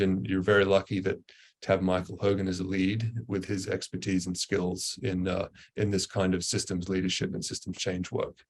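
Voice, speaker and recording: A man's voice: sits low, darkish tone. A man giving a webinar presentation, talking earnestly with frequent fillers and restarts. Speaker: guest presenter.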